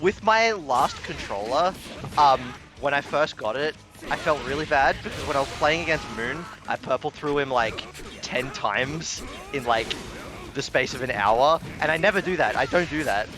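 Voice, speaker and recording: A man chats through a fighting game match, his voice bouncing up and down as he jokes and laughs at himself. Game music plays clearly beneath him on the stream. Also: fairly high pitch, expressive, moderate pace. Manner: laughs often, chatty and self-deprecating. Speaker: co-commentator. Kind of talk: casual esports commentary.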